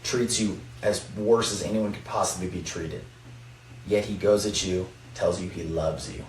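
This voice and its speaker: Young male athlete guest, deep and earnest, recorded off-mic in an echoey room. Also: fairly even intonation, normal speed, darkish tone. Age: young adult. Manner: earnest, testifying. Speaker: college basketball player. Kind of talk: faith-focused podcast chat. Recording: roomy, distant mic, faint noise.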